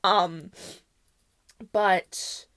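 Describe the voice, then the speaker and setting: A young woman hosting a podcast, telling chaotic stories from school in a casual, animated way, acting out the people she quotes. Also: fairly low pitch, drawn-out words. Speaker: podcast host. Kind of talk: casual storytelling.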